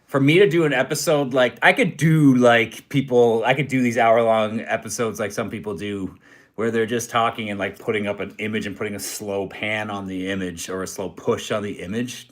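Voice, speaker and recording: A man's voice: lowish voice, steady tone, normal speed. A young Canadian man hosting a true crime comedy channel, chatting loosely from a hotel room and reading viewer comments with lots of fillers. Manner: loose, self-deprecating, rambling with many fillers. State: tired. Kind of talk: casual livestream chat reading viewer comments.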